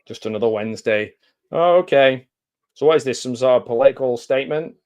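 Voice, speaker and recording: A man giving live watch-along reaction commentary on a TV episode, chatty and jokey, with excited outbursts and laughs. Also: medium pitch, a little fast. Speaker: commentary host.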